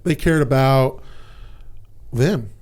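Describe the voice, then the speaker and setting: A man's voice: medium pitch, slow pace, darkish tone. A man in a mid-range voice tells personal stories on a podcast, speaking frankly and casually. He swears freely and peppers his talk with "man" and "dude". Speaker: podcast guest.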